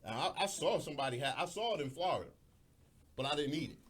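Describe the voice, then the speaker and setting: A man's voice: a little high, expressive, fast, fairly bright tone, breathy edge. A man hosting a radio talk show, telling stories in a laid-back way and often repeating words. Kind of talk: casual chat.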